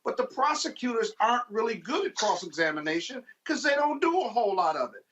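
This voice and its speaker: A man commenting on a panel in a forceful, explanatory, lawyerly way. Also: very high-pitched, very animated, a little fast, slight background noise. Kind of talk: panel discussion. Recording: dull lo-fi remote audio.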